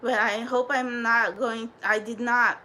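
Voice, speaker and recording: A woman's voice: fairly high pitch, fairly even intonation, measured pace, sharp tone, slight background noise, poor audio. A woman hosting a spiritual livestream, ranting in a profane, defiant and rambling way.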